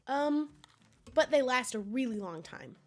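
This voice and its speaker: A young woman with a fairly high voice talks loosely to her viewers from home, her throat hoarse and sniffly from a cold. She rambles, restarts her sentences and laughs often. Soft music plays behind her. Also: lively intonation, a little slow. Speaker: streamer. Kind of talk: casual chat with viewers.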